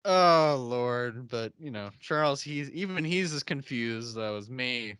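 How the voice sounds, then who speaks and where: A man's voice: medium pitch, clean tone, no room sound, clean studio sound. A man co-hosting a podcast, casually recapping a TV episode in a rambling way with lots of fillers. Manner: animated, acts out characters' lines in quick put-on voices; rambling, many "you know" fillers. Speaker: podcast co-host.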